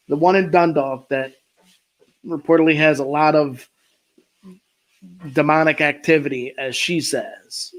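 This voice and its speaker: A man with a Maryland accent chats casually on a podcast, his voice sitting a touch higher than most men's. He tells his stories slowly, stretching out pauses and letting his sentences trail off quietly. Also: rough recording. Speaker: podcast host. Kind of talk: casual chat.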